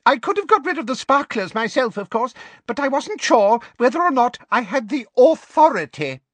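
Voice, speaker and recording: A tiny wizard professor with a squeaky, very high little voice. He is beaming and falsely polite, and his voice leaps about in a lively way. The recording is close and dry. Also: moderate pace, dry recording, full character voice. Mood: sweetly smug.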